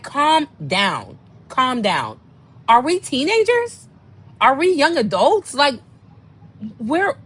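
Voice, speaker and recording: Blunt, animated woman podcaster. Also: slightly rough. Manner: blunt and exasperated, swings from low murmurs to high outbursts. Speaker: podcast host. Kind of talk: candid storytelling monologue.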